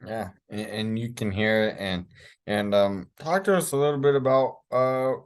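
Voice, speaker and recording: A man's voice: lowish voice, moderate pace, smooth. A man hosting a casual interview, asking loose, chatty questions full of fillers. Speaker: podcast host.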